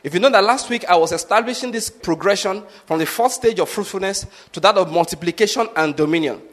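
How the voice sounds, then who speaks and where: A pastor with a high voice delivers a sermon. He teaches through practical examples and keeps checking whether his listeners follow him. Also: quick pace, fairly bright tone. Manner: repeatedly asks the congregation if they follow.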